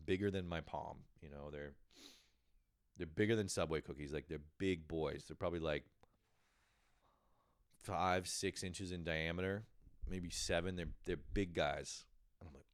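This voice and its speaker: Young guy with a low voice rambling through a story, swears a lot, laughs a lot, dry close sound. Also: moderate pace, no echo. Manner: laid-back, profane, laughing often, acting out quotes. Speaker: podcast host. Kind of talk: casual storytelling monologue.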